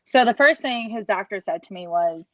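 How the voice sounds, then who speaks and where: A woman's voice: mid-range voice, lively intonation, moderate pace, dry recording. Woman in her thirties, earnest parent testimonial, rambling restarts, dry close sound, dull lo-fi audio. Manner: earnest, rambling with restarts and quoted inner thoughts. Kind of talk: emotional personal story, casual.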